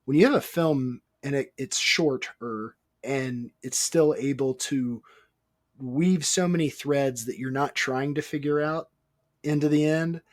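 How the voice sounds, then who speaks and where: Man, podcast co-host, casual film chat, halting restarts, mid-range voice. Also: mid-range voice. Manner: halting, restarts phrases, builds to excitement. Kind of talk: casual movie discussion.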